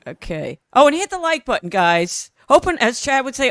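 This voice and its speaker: A woman's voice: high-pitched, very animated, moderate pace, fairly bright tone, dry recording. A woman hosting a casual chat stream, chatty and playful, reading viewer messages aloud. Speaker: host.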